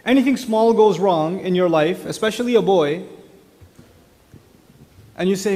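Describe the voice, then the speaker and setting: A man giving an animated religious talk, telling stories and putting questions straight to his audience. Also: high-pitched, measured pace, long pauses, long reverb tail. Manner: animated storyteller, addresses the audience directly with questions. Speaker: speaker at an Islamic lecture. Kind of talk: lively conversational religious talk.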